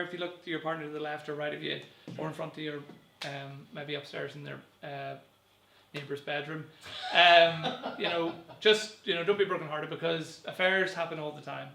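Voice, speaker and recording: A young man works through a stand-up set to camera, rambling and self-deprecating, with lots of fillers and his own chuckles. His voice sits a bit high, with a bright edge and a gravelly rasp. The room around him is echoey. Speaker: stand-up comedian.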